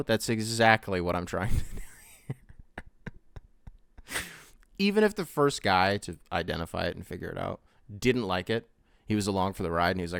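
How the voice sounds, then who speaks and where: A young man hosts a casual solo podcast in a fairly low voice. He rambles and swears, jumping from loud bursts to mumbled asides. He is recorded close on the mic in a dry room. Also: animated, brisk, creaky, pauses often, clean tone, dry recording. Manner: rambling, swears often, mimics voices in quotes. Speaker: podcast host.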